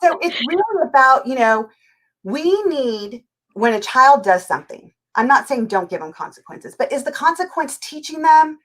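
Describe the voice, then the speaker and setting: Energetic woman life coach, higher voice. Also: moderate pace. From California. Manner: energetic, acts out scenes in quoted voices. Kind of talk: animated interview talk.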